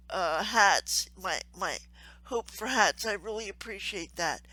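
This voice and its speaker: A woman hosting her own channel, speaking earnestly and warmly to camera, with frequent ums and soft laughs. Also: mid-range voice, poor audio. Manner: earnest, heartfelt, with many ums and gentle laughs. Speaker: crafts channel host and Salvation Army volunteer. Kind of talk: casual to-camera appeal.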